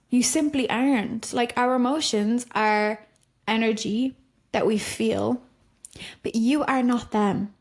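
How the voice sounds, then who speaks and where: A woman, hosting a solo podcast in a reflective, conversational way with personal examples. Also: on the high side. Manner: reflective, conversational, gentle self-disclosure. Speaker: podcast host.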